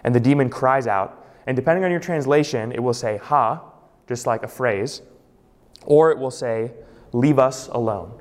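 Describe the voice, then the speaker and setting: A man's voice: mid-range voice, long reverb tail. A male pastor preaching a sermon, emphatic, repeating key phrases for stress.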